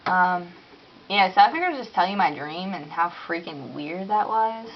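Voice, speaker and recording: A young woman telling a story in a casual vlog at home, animated and chatty, full of "like" and "dude", acting out her own panic. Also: lowish voice, moderate pace, muffled recording, a little hiss or hum.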